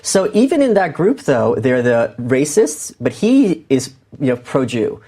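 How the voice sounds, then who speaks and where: Animated male author telling stories. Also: mid-range voice, slightly rough. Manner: animated, quick storytelling with acted-out quotes. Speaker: author and guest. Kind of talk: interview conversation.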